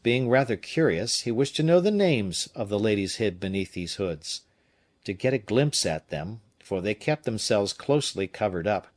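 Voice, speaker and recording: A man narrating a classic novel as an audiobook reader, in a steady, measured way. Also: medium pitch.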